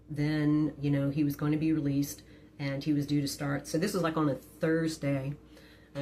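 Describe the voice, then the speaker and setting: A woman's voice: deep voice, darkish tone, slight background noise. A middle-aged woman, frankly telling a personal story to her phone camera with many hesitant fillers. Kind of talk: candid storytime monologue.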